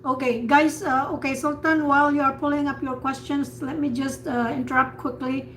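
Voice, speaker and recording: A woman tutor leading an online speaking practice class, patiently repeating words slowly to model pronunciation over a video call. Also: high-pitched, steady tone, a bit bright. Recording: echoey room with faint noise, video call.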